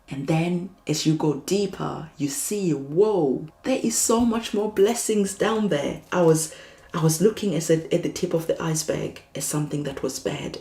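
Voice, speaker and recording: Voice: mid-range voice, dark tone, roomy sound. A tarot reader giving a spiritual reading in a soothing, reassuring way, repeating phrases as encouragement.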